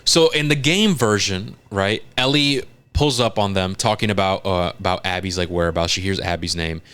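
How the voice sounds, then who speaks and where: A man co-hosting a casual podcast, retelling a scene in animated detail, acting out lines and swearing often. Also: low voice, moderate pace, clean tone. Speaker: podcast co-host.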